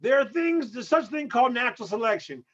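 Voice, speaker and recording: A man with a fairly high voice riffs through a casual comedy chat, incredulous and playful. The sound is muffled and lo-fi. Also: brisk. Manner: animated, incredulous, joking. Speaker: co-host. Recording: muffled lo-fi audio.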